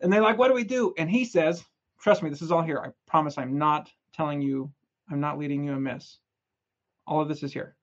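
A young man giving a casual, energetic scripture lesson, retelling stories in a chatty, playful way. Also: fairly high pitch, fairly quick, lo-fi sound. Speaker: scripture study presenter.

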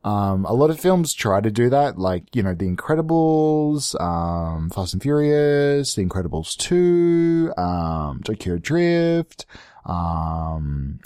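A man hosting a podcast, ranting sarcastically in a profane, rambling comedic monologue, jumping into high mock-outraged bursts. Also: big pitch swings, slow, dark tone, clear, resonant tone, dry recording, studio quality. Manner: sarcastic, profane, tangent-prone. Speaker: podcast host.

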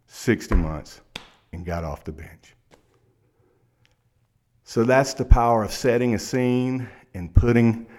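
A man's voice: deep voice, darkish tone. A man with a Kentucky accent, a criminal defense lawyer, telling a courtroom story in a dramatic present tense.

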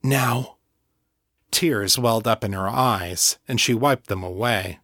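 Man calmly narrating an audiobook. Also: on the low side, dry recording, clean studio sound. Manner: calm, measured storytelling. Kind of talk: scripted narration.

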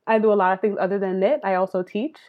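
A woman's voice: mid-range voice, fairly even intonation, fast talker, phone-quality sound. A woman guest in a casual interview, chatting about her knitting business with frequent laughs and fillers. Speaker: guest, knitwear maker.

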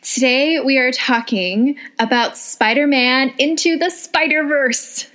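Excitable woman co-hosting a podcast. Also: high voice, takes it slowly. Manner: excitable, laughs often, swears casually. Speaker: podcast co-host. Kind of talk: casual chat.

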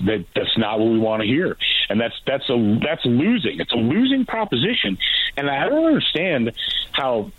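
A man's voice: medium pitch, expressive, moderate pace, husky, no echo. A man calling into a talk radio show as a guest firearms trainer, blunt, combative and emphatic. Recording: tinny phone line.

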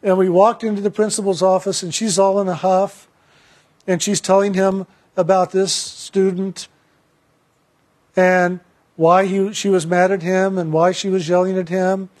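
High-voiced man, slow and measured. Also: level tone, darkish tone. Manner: slow, measured, deliberate pauses. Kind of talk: reflective spiritual talk with personal story.

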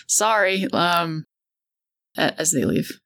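A woman's voice: lowish voice, normal speed, a bit bright. A woman player in a tabletop game, describing her character hesitantly with many fillers.

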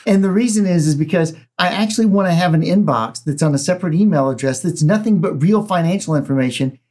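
Easygoing male podcast host, slightly high voice. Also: quick pace, a little mellow. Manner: easygoing, laughs often. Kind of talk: casual chat.

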